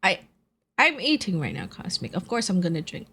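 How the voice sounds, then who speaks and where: A young woman streamer chatting casually with viewers in a low, groggy voice from just waking up, laughing and swearing easily while she eats. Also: wildly swooping pitch, normal speed, pushed and bright, husky. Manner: laid-back, laughs often, swears casually, chats with viewers while eating. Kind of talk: casual live-stream chat.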